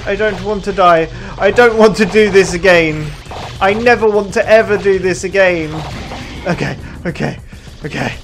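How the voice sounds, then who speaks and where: A gaming channel host giving let's play commentary, excitable, laughing often and talking to themselves. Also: mid-range voice, moderate pace. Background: game music.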